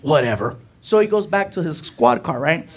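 Animated high-voiced male comedian. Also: normal speed, creaky. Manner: animated, acts out scenes, frequent "right?". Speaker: stand-up comedian. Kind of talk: stand-up storytelling. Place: comedy club stage. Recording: live show, audience laughter. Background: audience laughter.

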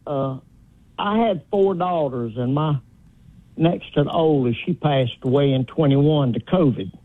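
A man's voice: on the high side, unhurried, dry recording. Polite older male caller on phone. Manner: polite, says "sir". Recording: tinny phone line.

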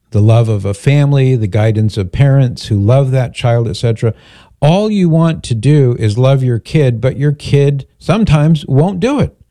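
A man's voice: mid-range voice, dark tone, no echo, studio quality. An older man, a grandfather, hosting a call-in radio show, speaking earnestly and reflectively with frequent restarts.

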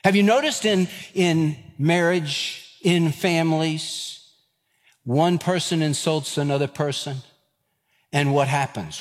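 A man's voice: on the high side, takes it slowly, big-room sound. A man, preaching a sermon and telling a folksy story, acting out the voices in it. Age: 50s. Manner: folksy storytelling, acts out dialogue. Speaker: pastor.

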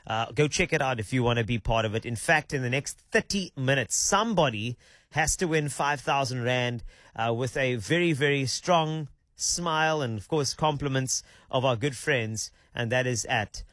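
A man's voice: medium pitch, normal speed, fairly bright tone, dry recording. A man hosting drive-time radio, upbeat and chatty at a studio microphone. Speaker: radio host.

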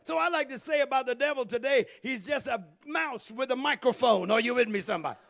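Really high-pitched guy preaching, call and response, goes half singing and shouting. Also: quick pace, creaky. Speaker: pastor. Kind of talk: sermon.

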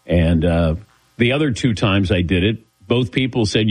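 A man's voice: fairly low pitch, moderate pace. A middle-aged man hosting a sports talk show, telling a self-mocking story, lightheaded and acting out the people he quotes. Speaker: sports radio host. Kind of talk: casual talk show chat.

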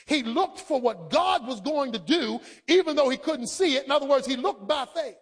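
A man preaching a sermon. He drops to quiet asides and then builds to shouted emphasis, acting out quoted voices. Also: extremely high pitch, animated, moderate pace. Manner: dramatic, acts out quoted speech.

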